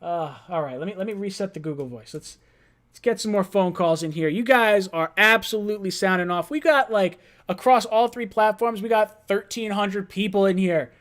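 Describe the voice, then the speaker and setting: A young man with a notably high voice hosts a live fan show from his home late at night. He rambles on in an excitable, run-on way, laughing as he goes. His delivery is loose and hyped. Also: normal speed. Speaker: livestream host.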